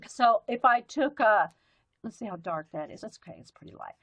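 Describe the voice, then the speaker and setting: Expressive and fairly quick, a bright mid-range female voice with a light Southern US twang carries a relaxed livestream where she demos pens and markers. Her talk rambles, and she's easily distracted.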